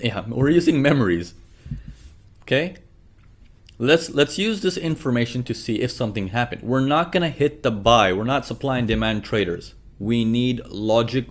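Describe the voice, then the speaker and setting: A man teaching a trading lesson over a chart, repeating his questions and acting out traders' worries. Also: medium pitch. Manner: repeats questions, acts out traders' inner voices. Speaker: trading instructor. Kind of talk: screen-share trading lesson.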